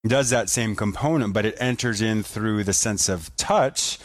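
A man hosting a conversation, explaining ideas in a measured, reflective way. His voice sits somewhat low. It sounds dry and close, with little room around it. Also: dry recording. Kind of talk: conversational interview.

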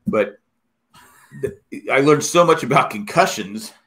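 Bright-voiced middle-aged man telling stories. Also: medium pitch, a little slow. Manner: rambling, animated storyteller with many restarts. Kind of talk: casual chat.

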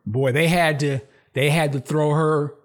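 Slightly slow and on the high side, a male podcast host walks through a TV episode in casual conversation, swearing and using slang. He brings the characters to life by voicing their lines loudly, like an animated storyteller.

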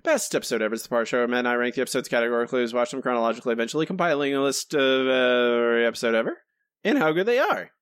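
Brief: male podcast co-host, lively pitch swings, dry close mic, jokey, self-deprecating. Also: racing, smooth, no echo. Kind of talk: casual chat.

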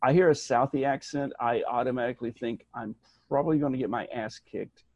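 A man chatting casually as a podcast co-host, rambling and animated, restarting his sentences and slipping into mock voices. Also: mid-range voice, fairly quick, no echo, dull audio. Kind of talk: casual chat.

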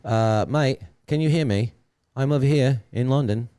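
A man's voice: medium pitch, very fast, warm tone, clear, resonant tone, no room sound, voice pushed up, close to an everyday voice. A stoned man on a podcast putting on an overdone, chirpy mock-British accent. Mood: cheeky. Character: man faking a cheeky British bloke. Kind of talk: podcast banter.

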